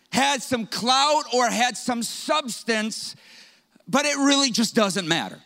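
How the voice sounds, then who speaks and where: A young pastor preaches to his congregation in a high, bright voice. He tells stories with a humorous, conversational touch and throws in quick asides. His delivery is lively and engaging. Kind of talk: sermon.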